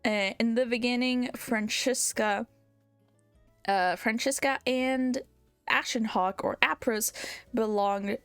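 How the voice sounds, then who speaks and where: A woman VTuber giving a casual, animated game recap, giggling often and swearing casually. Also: on the high side, takes it slowly, smooth, no room sound, faint music behind. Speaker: VTuber streamer.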